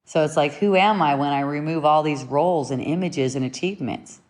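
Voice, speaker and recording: Calm, low-voiced woman spiritual teacher. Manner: unhurried, repeats and rephrases her points. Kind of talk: reflective spiritual teaching talk.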